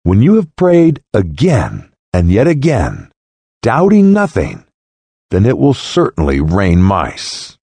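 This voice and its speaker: A large, grave male cat preaching to his brethren in a storybook fable, voiced by a man. Slow, husky and solemn. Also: lowish voice, huge pitch swings, warm tone, no echo, exaggerated voice. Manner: grave, sermonizing.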